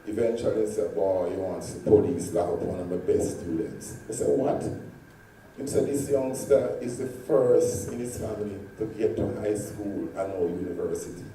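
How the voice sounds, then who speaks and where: A man telling stories in a convention speech, swinging dramatically between loud and hushed. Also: on the low side, normal speed. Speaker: convention speaker. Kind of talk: storytelling speech. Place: large convention hall. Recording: echoey hall from far off, faint noise.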